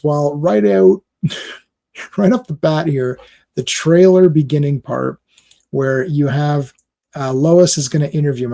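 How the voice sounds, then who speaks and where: A man reviews a movie trailer in loose, rambling reaction commentary, full of fillers and exasperated asides. His voice has a gravelly, fry-laden edge at a middling pitch. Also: mellow.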